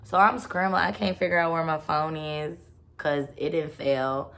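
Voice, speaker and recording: A woman speaks to her camera in a casual, unfiltered rant, leaning on "like" and dropping curse words without hesitation. Her voice sits on the low side and carries a gravelly, fry-tinged texture. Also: steady tone, moderate pace, fairly bright tone. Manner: blunt, profane, heavy use of "like". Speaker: vlogger.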